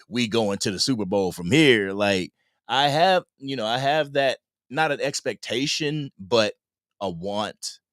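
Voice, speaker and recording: A man hosting a live-stream sports fan podcast, talking in a slangy, animated way and reading out comments from the chat. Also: medium pitch, no room sound, studio quality. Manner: animated, slangy, laughs often. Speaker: podcast host.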